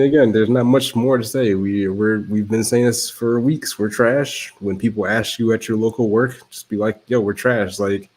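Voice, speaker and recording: Deep-voiced man in joking sports chat. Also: darkish tone. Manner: dry, joking, blunt. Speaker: podcast co-host.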